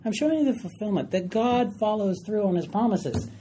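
A woman's voice: medium pitch, lively intonation, a little fast, warm tone, a little hiss or hum. Emphatic woman teaching a Bible class. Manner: emphatic, asks the group questions.

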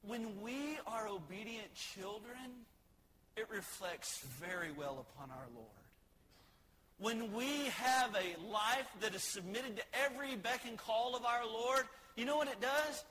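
A man preaches with a high, bright, ringing voice that keeps a folksy, conversational edge. He throws questions and light jokes out to the congregation between points. A faint hiss sits under the recording. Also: lively intonation, a little slow, poor audio. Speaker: pastor. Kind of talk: sermon.

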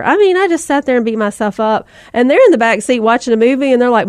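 A woman's voice: high-pitched, sing-song, a little fast, no echo, studio quality. A woman in her thirties giving a folksy Christian talk to mothers, in a conversational style with asides and fillers. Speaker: Christian speaker. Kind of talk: faith-based talk to mothers.

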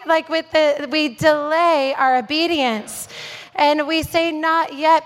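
A woman preaching a sermon, telling a personal story in an animated, self-deprecating way and acting out the dialogue. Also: sits high. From Canada. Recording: long hall reverb.

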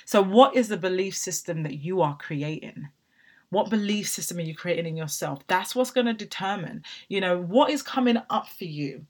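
A woman's voice: on the low side, expressive, normal speed. A woman in her thirties giving an emphatic motivational talk, asking rhetorical questions and checking in with "right?". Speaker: motivational podcast host.

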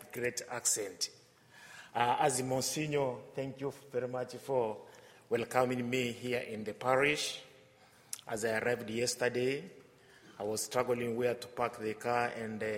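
A man with a Tanzanian accent, a visiting missionary priest giving a homily with an anecdotal, hesitant delivery. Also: medium pitch. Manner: warm storytelling with frequent hesitations and laughs. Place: church. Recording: long church reverb.

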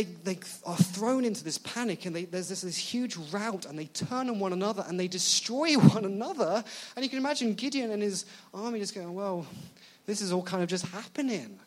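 Animated, joking preacher man. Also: sits high. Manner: animated, joking, asks the audience questions. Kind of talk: sermon.

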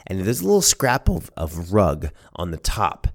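A man's voice: sits low, normal speed, creaky. A man earnestly telling a personal family memory, acting out the voices of relatives. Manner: earnest, animated, acts out voices. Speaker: storyteller. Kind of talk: personal storytelling podcast.

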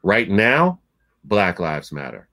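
A man's voice: low voice, wildly swooping pitch, slow pace, bright, forceful tone. Blunt, impassioned man telling a story. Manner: retells conversations by acting out both sides. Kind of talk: casual chat, storytelling.

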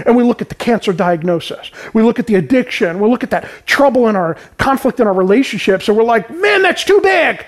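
High-voiced man preaching casually. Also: fast, hardly any pauses. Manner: informal, peppered with "right?" and "man"; explains scripture in everyday terms. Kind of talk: conversational sermon.

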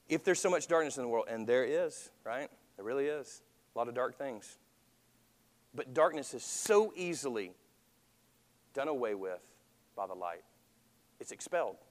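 A man's voice: fairly high pitch, big-room sound. A man preaching a sermon as pastor, talking conversationally and asking the congregation questions.

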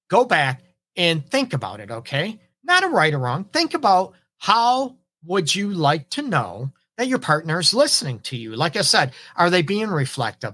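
Man giving relationship advice, bright voice, slightly high, casual and chatty, keeps asking "right?". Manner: conversational, peppers talk with "man" and "right?", acts out example phrases. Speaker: relationship counselor and show host.

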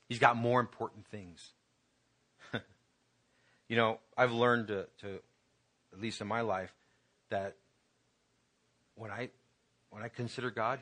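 A man's voice: on the low side, pushed and bright. A man pastor preaching a conversational sermon to his congregation, building to emphatic peaks.

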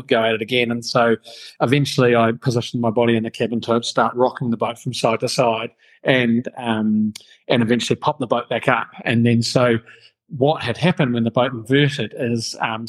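A man's voice: mid-range voice, rough recording. New man, 30s, easygoing podcast guest, salty storyteller. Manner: laughs often, swears casually, relaxed storyteller. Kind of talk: casual storytelling interview.

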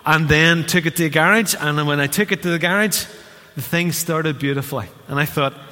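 Pastor in a reverberant hall. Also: male voice, on the high side, a little fast. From Northern Ireland. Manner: animated storyteller, acts out voices. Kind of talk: sermon. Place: church hall.

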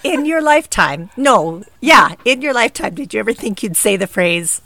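Helle, verspielte Co-Moderatorin. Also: female voice, mid-range voice, lively intonation, moderate pace, pushed and bright, dry recording. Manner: playful, joking storyteller. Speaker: podcast co-host. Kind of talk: casual chat.

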